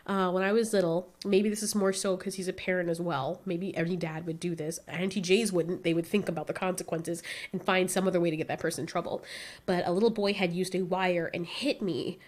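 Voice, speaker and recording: A woman's voice: lowish voice, brisk. Chatty young woman telling stories. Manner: animated storytelling, acts out quotes with laughs. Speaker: vlogger. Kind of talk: casual chat.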